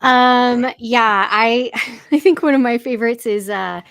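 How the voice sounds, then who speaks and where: A woman's voice: fairly high pitch, unhurried, a bit bright, smooth, no echo, clean studio sound. A woman chatting as a podcast guest, bubbly and rambling with many fillers. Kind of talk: casual group chat.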